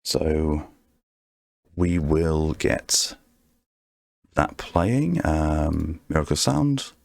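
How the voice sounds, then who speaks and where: A man streaming his art, talking softly in an ASMR-style murmur right on a close microphone, rambling to himself as he draws. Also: a bass voice, very animated, very slow, creaky, no echo. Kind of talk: soft ASMR-style stream chat while drawing. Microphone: very close desk microphone. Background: faint background music.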